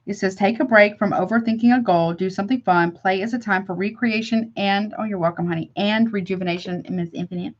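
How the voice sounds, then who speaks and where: A woman's voice: medium pitch, fairly quick, hardly any pauses, highs cut off. Chatty woman tarot reader calling viewers honey. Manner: affectionate, calls viewers honey, chatty asides. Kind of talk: live tarot reading to chat.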